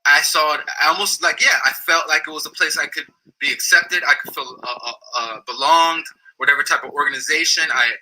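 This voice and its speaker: A man's voice: fairly high pitch, fairly quick, rough recording. A man telling, in casual and profane terms, what he went through with someone he used to follow, often acting out what others said. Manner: blunt, profane, animated when quoting others. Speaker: former associate telling his story. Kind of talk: casual storytelling.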